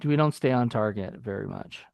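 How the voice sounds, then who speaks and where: A man's voice: on the low side, a little fast, vocal fry, darkish tone, no echo, clean studio sound. A man co-hosting a film review podcast in casual chat. He rambles loosely, with many fillers and restarts.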